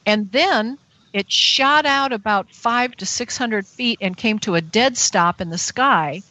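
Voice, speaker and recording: A woman's voice: a little high, measured pace, bright, forceful tone, dry recording. A woman guest on a radio interview show, telling a personal story earnestly and breathlessly. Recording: dull, dry radio show audio.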